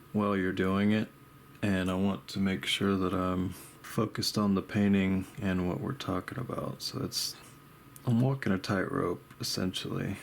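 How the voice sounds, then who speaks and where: A man's voice: sits low, vocal fry, slight background noise. A young man chatting casually while he paints, laid-back and rambling, with a habit of saying dude and bro. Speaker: art vlogger.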